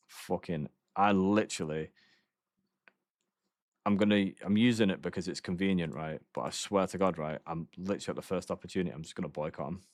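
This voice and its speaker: A man's voice: low voice, no room sound, studio quality. A man streaming a game, telling rambling stories in casual chat, swearing often and laughing between lines.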